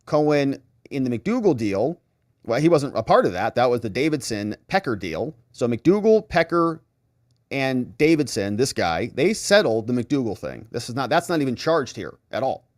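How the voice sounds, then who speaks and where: A man, a lawyer, giving trial recap commentary in an animated, incredulous way. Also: medium pitch, moderate pace, no echo, clean studio sound. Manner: animated and incredulous, retelling courtroom testimony.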